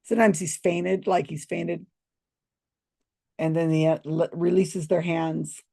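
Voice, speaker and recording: Her voice is fairly low, creaky and slightly rough, with a dark tone and fairly even intonation, and she talks a little slowly. An older woman at home, she shows old photos and casually tells stories to the camera, chatty and laughing often as she plays out how people reacted.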